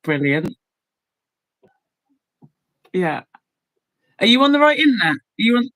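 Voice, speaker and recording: A woman's voice: medium pitch, big pitch swings, a little slow, fairly bright tone, rough recording. A woman in casual chat, teasing and playful, laughing often.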